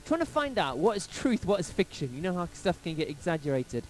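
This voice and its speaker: A man from England, a pastor telling a personal story in a sermon, lively and anecdotal, acting out quotes along the way. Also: sits high, a little fast, few pauses, low-quality recording.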